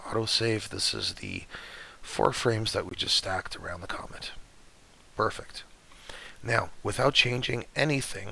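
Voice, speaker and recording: A man whose voice keeps cutting in and out, walking through software step by step in a relaxed, chatty way as he records his screen. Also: fairly low pitch, creaky. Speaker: astrophotography tutorial maker.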